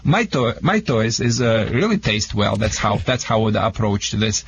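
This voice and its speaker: A man with a thick Russian accent talks in animated, halting English, joking as a radio guest. His voice sounds slightly dull over a faint hiss, as on a broadcast. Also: on the low side. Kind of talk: radio call-in chat.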